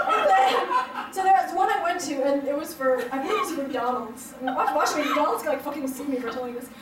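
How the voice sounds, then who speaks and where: High-voiced young woman doing stand-up. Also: background noise. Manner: rambling, filler-heavy storytelling with frequent laughs. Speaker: stand-up comedian. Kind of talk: stand-up comedy set. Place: hotel event room before a live audience. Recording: roomy, distant live-show sound.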